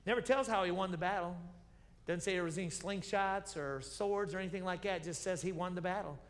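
A man's voice: high voice, brisk. A man preaching a sermon as pastor, telling Bible stories with animation, acting out the characters' lines and repeating key phrases as he questions the congregation. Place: church sanctuary. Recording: reverberant church sanctuary broadcast.

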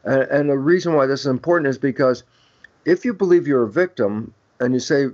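A man's voice: medium pitch, brisk, darkish tone. Older man lecturing emphatically, dull audio. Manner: emphatic lecturing, acting out quoted dialogue. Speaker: guest expert. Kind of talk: podcast interview, explaining ideas.

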